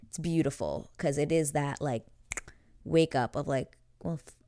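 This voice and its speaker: Low-voiced chatty young woman. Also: measured pace, warm tone, dry recording. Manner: chatty, peppered with "like" and laughs. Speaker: show host. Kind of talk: casual episode recap.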